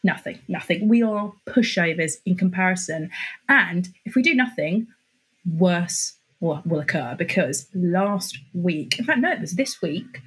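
Raspy, wry British woman host. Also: lowish voice, animated, a little slow, a bit bright, poor audio. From Britain. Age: middle-aged. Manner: wry, sardonic, reads out posts. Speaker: podcast co-host. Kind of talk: casual chat.

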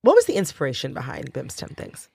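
Low, lively-voiced woman host. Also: fairly quick, vocal fry, breathy edge, dry recording. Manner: enthusiastic, gushing. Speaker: host, interviewer. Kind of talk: casual interview chat.

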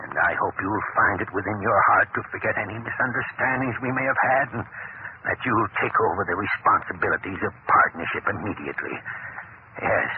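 An actor playing a gruff old male businessman who speaks haltingly, in a 1930s radio drama. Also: on the low side, expressive, lightly acted. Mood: hesitant. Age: older. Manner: halting, hesitant. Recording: tinny hissy 1930s radio broadcast.

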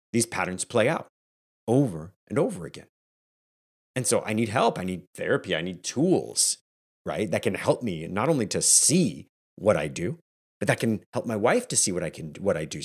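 A man with a fairly low voice hosting his own podcast. He talks with energy and in a casual, conversational way. He coaches his listeners like a leadership mentor. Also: breathy edge. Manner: energetic and conversational, acting out quoted family moments. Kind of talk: solo podcast talk.

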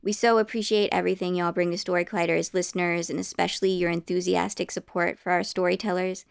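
A woman's voice: fairly low pitch, flat delivery, fast talker, vocal fry, smooth, no echo, clean studio sound. A woman podcast host reading a friendly, earnest scripted announcement to listeners.

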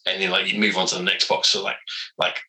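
A man, a comic book writer telling animated, self-mocking stories as an interview guest, full of fillers. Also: deep voice, fast talker, poor audio. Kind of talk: casual interview storytelling.

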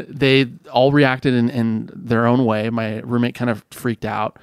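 A man's voice: medium pitch, slow pace, clean tone, dry recording, studio quality. A man from California, a podcast guest, telling a story in a loose, chatty way, full of restarts and "like.". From California, USA. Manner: animated storyteller, frequent restarts and "like". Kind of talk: casual storytelling chat.

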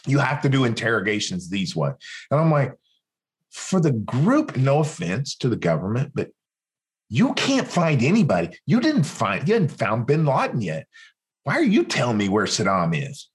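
A man's voice: medium pitch, moderate pace. A man, a former interrogator telling a story in an interview, acting out what other people said. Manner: animated, acts out other people's lines. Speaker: guest, former military interrogator.

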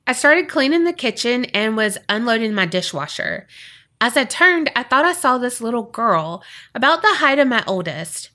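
A woman co-hosting a podcast, chatting casually and reading a listener's story aloud with expressive delivery. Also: on the high side, normal speed. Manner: animated, expressive storytelling with lively reactions. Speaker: podcast co-host.

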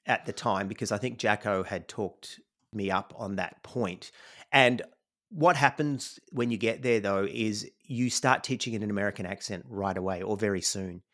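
A man's voice: lowish voice, normal speed, a bit bright. A middle-aged Australian man, a podcast guest, telling his life story in a reflective, rambling way, with frequent "you know"s. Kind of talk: conversational storytelling.

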